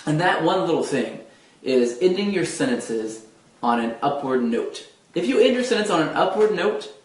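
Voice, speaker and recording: A man coaching viewers on confident speech, talking earnestly with frequent restarts and fillers. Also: on the high side. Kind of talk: direct-to-camera advice talk. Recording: roomy echo, mic at a distance.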